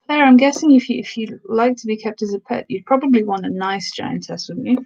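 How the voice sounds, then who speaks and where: A woman's voice: fairly high pitch, a little fast, darkish tone, muffled recording. A woman from the Black Country, England, chatting casually on a live stream, answering viewers' comments and slipping into giantess role-play. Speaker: ASMR streamer.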